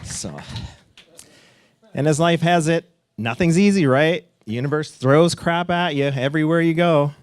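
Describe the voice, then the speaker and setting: A middle-aged man telling a personal story live on stage, animated and swearing at times, leaping up in pitch as he acts out what people said. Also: measured pace, smooth. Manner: animated, acts out quotes with big pitch jumps, laughs and swears.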